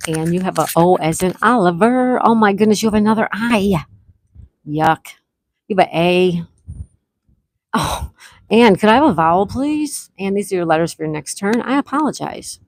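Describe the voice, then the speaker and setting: Here a woman speaks at a medium pitch and moderate pace, expressive throughout. She hosts a casual live stream where she chats with viewers, voices their comments and spells out game letters.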